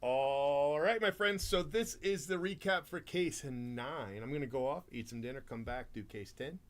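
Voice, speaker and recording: A man's voice: medium pitch, normal speed. A man hosting a live card break stream, chatting casually, laughing often and rattling off player names.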